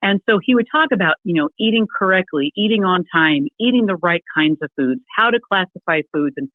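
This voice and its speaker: A woman's voice: lowish voice, fairly quick, dry recording. Woman telling her story over a tinny line. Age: middle-aged. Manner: lively storyteller who acts out quoted people. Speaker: guest. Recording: tinny phone-like remote call, dry.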